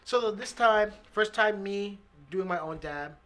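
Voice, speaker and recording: A man guesting on a casual podcast, his voice high for a man and bright, a bit forceful. He explains things in an easygoing, plain way and trades stories freely. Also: takes it slowly. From Canada. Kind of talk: casual chat.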